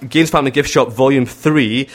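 A man's voice: mid-range voice, normal speed. A man in his twenties hosting a radio show, chatting playfully with a guest and laughing often. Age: 20s. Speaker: radio host. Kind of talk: casual chat with a guest. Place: radio studio. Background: faint background music.

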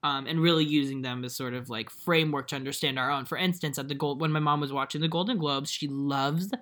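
Animated low-voiced woman podcast host. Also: fast talker. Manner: animated storyteller, acts out quotes, many fillers. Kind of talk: casual chat.

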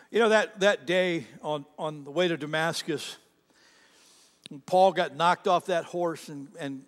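A man's voice: a little high, in a large hall. A male pastor preaching a sermon in a conversational way, acting out the quotes in character voices.

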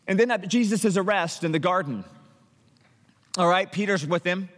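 A man preaching a sermon, telling stories with lively acted-out quotes and frequent stumbling restarts. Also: high-pitched, moderate pace, pauses often, big-room sound. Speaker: pastor.

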